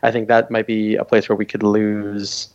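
A man's voice: lowish voice, completely flat delivery, normal speed, a little mellow, highs cut off. A man co-hosting a podcast, chatting casually and hesitantly with stumbling restarts. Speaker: podcast co-host. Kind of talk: casual chat about a reality show.

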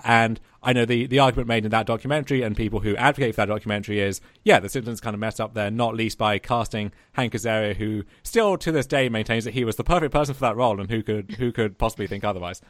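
A man's voice: fairly low pitch, steady tone, fast talker, fairly bright tone, no echo, clean studio sound. A man hosting a podcast discussion, asking long questions with many hesitant "uh" fillers. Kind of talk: casual discussion.

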